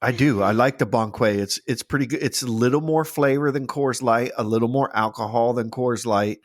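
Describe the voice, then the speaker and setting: A man's voice: mid-range voice, fairly quick, dry recording, clean studio sound. A man co-hosting a podcast in casual chat, laid-back and rambling, swearing now and then. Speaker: podcast co-host.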